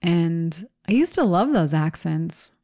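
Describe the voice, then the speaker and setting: A woman's voice: lowish voice, very animated, slow, mellow. A woman in her thirties co-hosting a casual chat, candid and teasing, often laughing. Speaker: podcast co-host.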